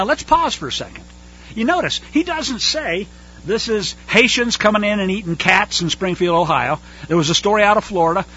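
A man's voice: high-pitched, bright, forceful tone, muffled recording, a little hiss or hum. A man preaching a fiery, sarcastic sermon, scornful and mocking as he reads and comments on scripture.

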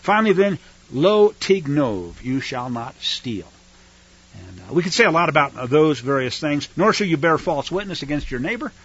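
A man's voice: fairly high pitch, animated, a little fast, fairly bright tone, husky. A man teaching the Bible on the radio, reading scripture and breaking in with folksy, sarcastic asides. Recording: dull lo-fi radio broadcast.

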